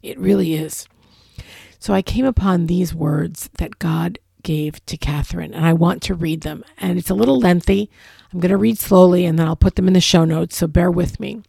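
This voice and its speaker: A middle-aged woman hosting a podcast, giving an earnest, reflective spiritual talk and reading scripture aloud, slowing down to stress key phrases. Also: fairly low pitch, gravelly, dark tone, breathy edge, dry recording, studio quality. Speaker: podcast host.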